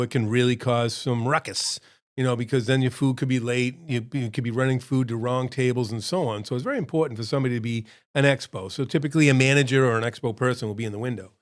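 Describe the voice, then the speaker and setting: A middle-aged man, a restaurant owner, casually telling a rambling, self-deprecating story and laughing often as he acts out both sides. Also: medium pitch.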